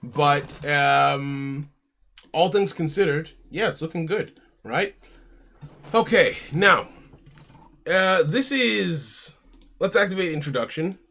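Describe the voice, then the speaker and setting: American guy streaming from home, fairly high bright voice, chatty, says mate a lot. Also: lively intonation, slow, gravelly, long pauses. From United States. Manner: chatty, keeps saying "mate", talks his moves through aloud. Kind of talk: casual live-stream chat and game commentary.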